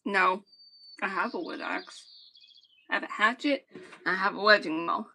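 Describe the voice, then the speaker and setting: A woman from Georgia with a Southern accent, chatting casually to her stream about her woodworking in a relaxed, rambling, joking way. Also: mid-range voice, a little slow. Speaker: streamer and vlogger. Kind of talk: casual chat while woodworking.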